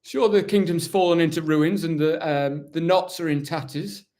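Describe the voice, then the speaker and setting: A proud, weary warrior-captain, put on by a man answers questions live. His voice sits fairly high. He rambles in a dry, mock-solemn way and keeps justifying himself. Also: moderate pace, a little mellow, lightly acted. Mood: self-justifying. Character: proud weary male warrior-captain of a kingdom, self-serving. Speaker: impressionist taking live questions in character. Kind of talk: live-stream in-character Q&A.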